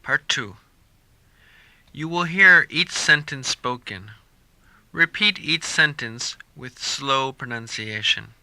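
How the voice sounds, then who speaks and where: A man reading a scripted English listening-practice lesson, saying example sentences slowly and deliberately for learners to repeat. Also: mid-range voice, expressive, bright, forceful tone, no room sound. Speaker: English pronunciation teacher.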